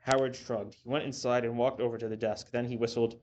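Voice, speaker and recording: A man narrating a strange tale in a steady, measured way, at a middling pitch. The recording is dull and lo-fi, with a faint hiss behind the voice. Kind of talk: scripted story narration.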